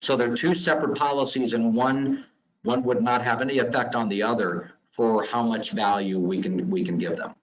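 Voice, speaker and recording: A man of medium pitch explains insurance details to a webinar audience in a steady, explanatory way. The sound is somewhat dull and lo-fi, like call audio. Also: moderate pace. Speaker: guest insurance expert, regional vice president. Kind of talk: answering questions in a webinar.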